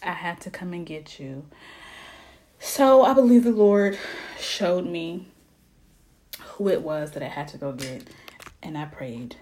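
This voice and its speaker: A woman talking to her viewers in a casual, heartfelt chat about faith. She is earnest and sometimes drops to soft near-whispers before bursting into lively emphasis. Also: fairly low pitch, a little slow, pauses often. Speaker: vlogger sharing her faith. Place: home in Ohio.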